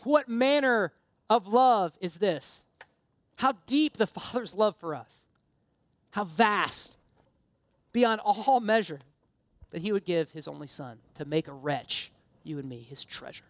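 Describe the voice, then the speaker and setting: A woman's voice: mid-range voice, expressive, slow, long pauses, no room sound. A woman preaching a sermon, earnest and impassioned, mixing casual self-deprecating asides with emphatic appeals.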